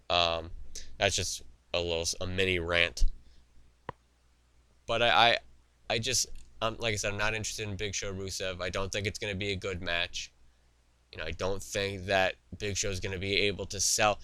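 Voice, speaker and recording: Deep-voiced opinionated man ranting. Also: steady tone, moderate pace, pauses often, sharp tone, clean tone, no room sound. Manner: opinionated, rambling with fillers and restarts. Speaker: wrestling show host. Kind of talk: solo opinion commentary. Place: studio.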